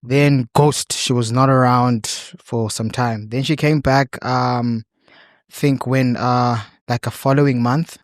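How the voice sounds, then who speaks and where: A young man in his early twenties, a podcast guest telling a personal story haltingly with many ums. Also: mid-range voice, fairly even intonation, no echo, studio quality. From South Africa. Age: 20s.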